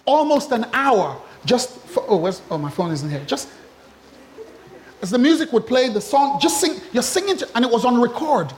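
Man preaching, high voice, lively, joking asides. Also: moderate pace, a little hiss or hum. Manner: animated, humorous preaching with asides and acted-out quotes. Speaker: pastor. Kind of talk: sermon.

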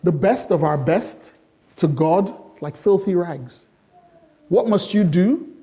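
A middle-aged male pastor preaching a sermon, asking the congregation repeated rhetorical questions and moving between slow, emphatic lines and quick bursts. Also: high voice, lively intonation, dark tone.

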